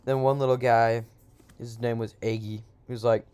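Man, casual comic storyteller, rambling and slangy, smooth clear voice, average pitch. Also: steady tone, normal speed, dark tone. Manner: rambling, slangy, full of "like" and asides.

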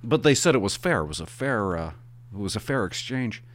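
A middle-aged man, a hockey parent, telling a rambling, animated story in a casual monologue and swearing for emphasis. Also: fairly low pitch, fairly quick.

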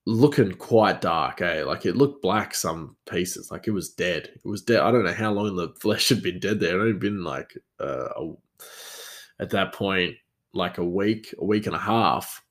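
Rambling man, lowish voice. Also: normal speed. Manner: rambling, full of fillers and restarts. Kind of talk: casual storytelling.

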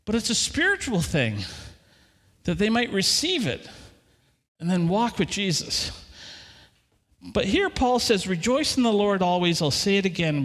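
Middle-aged man, pastor mid-sermon, lively swooping delivery in a reverberant church. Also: extremely high pitch. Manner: animated, talks to the congregation with questions. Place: church hall. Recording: long hall reverb.

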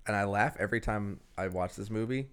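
A man's voice: lowish voice, fairly quick, clear, resonant tone. Joking man riffing on a movie. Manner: animated, jokey, mimics characters. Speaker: podcast co-host. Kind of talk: casual movie review chat.

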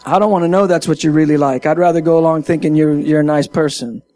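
A man, a Christian minister, talking to his audience in an impassioned, half-sermon style, emphatic and animated, repeating his key phrases. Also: a little high, fast talker.

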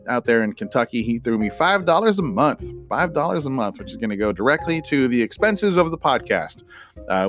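A middle-aged man hosts a podcast and closes the episode in a loose, rambling way, full of fillers and little playful rhymes. His voice sits at an ordinary middle pitch. Faint music plays quietly behind him. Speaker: podcast host. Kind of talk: casual podcast outro.

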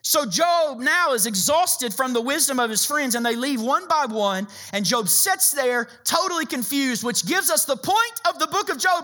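A man preaching a sermon as a pastor, joking and telling stories in an animated way. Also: extremely high pitch, moderate pace.

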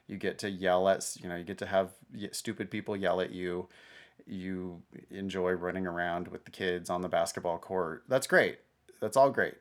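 A middle-aged man chatting on a podcast with a somewhat low voice. He talks in an animated, excitable way, laughs often, and cuts himself off mid-sentence to restart. The delivery is loose and conversational. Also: moderate pace. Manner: animated, laughing, self-interrupting. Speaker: podcast co-host. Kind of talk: casual podcast chat.

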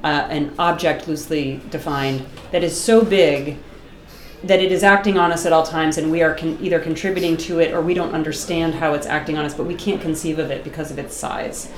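A middle-aged woman from Boston chats as an interview guest, animated and quick to laugh. Her voice sits on the low side, and the room around her is echoey. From Boston, USA. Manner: animated, talkative, laughs often. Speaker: guest artist. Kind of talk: casual interview chat.

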